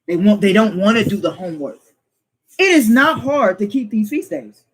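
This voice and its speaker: A man's voice: sits high, moderate pace, fairly bright tone, slightly rough, low-quality recording. A man preaching informally to a small group, emphatic and fond of rhetorical questions, laughing as he teases. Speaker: teacher.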